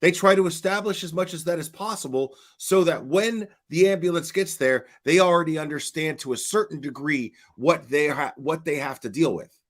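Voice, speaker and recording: A man giving casual true crime commentary, skeptical and questioning, stumbling over restarts and firing off rhetorical questions. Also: fairly high pitch. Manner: acts out quoted dispatcher questions.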